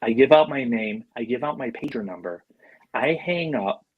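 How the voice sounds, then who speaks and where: A man's voice: medium pitch, normal speed, slightly rough, dry recording, phone-quality sound. A man in his forties from Buffalo, a podcast guest telling stories casually and acting out the voices of the people he quotes. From Buffalo, New York. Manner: animated, acts out quoted voices. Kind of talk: casual storytelling.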